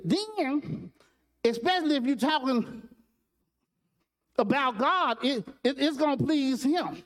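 A male preacher speaks in an unusually high voice, preaching in a loose, conversational storytelling style. He repeats phrases and addresses the congregation directly as he builds his points. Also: very animated, a little slow, fairly bright tone. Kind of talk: sermon.

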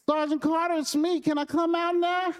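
A man's voice: extremely high pitch, level tone, moderate pace, voice pushed up. A man voicing a timid runaway little boy who stammers and pleads. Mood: pleading.

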